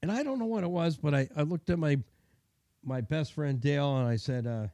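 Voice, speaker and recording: A man's voice: on the high side, a little fast, warm tone, no echo. A middle-aged man, a mechanic telling a chatty, self-deprecating story and giving car care tips. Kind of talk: casual storytelling and advice.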